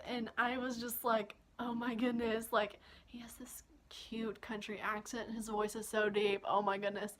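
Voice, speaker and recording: A woman's voice: a little high, fairly bright tone, a little hiss or hum. A young woman from Kentucky telling a personal story in a casual, chatty storytime vlog with frequent giggles. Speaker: vlogger.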